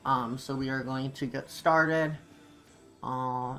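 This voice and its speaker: A woman's voice: a bass voice, steady tone, takes it slowly, fairly bright tone, soft background music. A young woman streaming a game, chatting casually with her viewers, giggling and eating as she talks. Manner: chatty, giggly, eats while talking. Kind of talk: casual livestream chat while gaming. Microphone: desk mic, no face cam.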